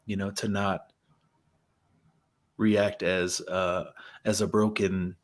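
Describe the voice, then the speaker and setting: A man's voice: deep voice, little pitch movement, takes it slowly. A young man, a musician and guest, reflecting in a casual talk about faith and laughing easily.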